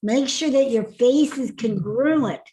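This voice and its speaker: A woman's voice: fairly high pitch, slow pace, warm tone. A woman coaching a group through voice and face exercises in an online workshop, upbeat and laughing often. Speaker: speaking coach. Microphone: video call.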